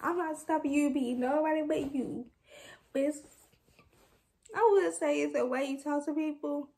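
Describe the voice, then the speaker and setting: Young woman, high voice, casual vlog, frustrated, rambling venting. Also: steady tone, moderate pace, vocal fry, warm tone. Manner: frustrated, candid, rambling with restarts. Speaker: vlogger.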